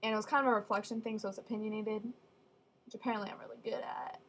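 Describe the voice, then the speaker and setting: A young woman telling funny stories casually, with deadpan asides. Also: mid-range voice, racing. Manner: chatty, deadpan asides, acts out quoted voices. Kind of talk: casual storytelling.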